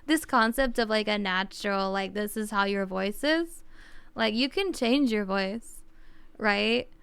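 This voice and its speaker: A woman's voice: mid-range voice, measured pace, fairly bright tone, clear, resonant tone, no echo. A woman streamer chatting casually on a livestream, thinking aloud and rambling with lots of fillers.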